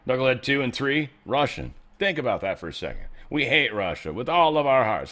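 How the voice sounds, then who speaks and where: A man hosting a casual news commentary show. He rambles, jokes and swears, and his pitch and loudness swing a lot. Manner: joking, rambling, profane. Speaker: show host.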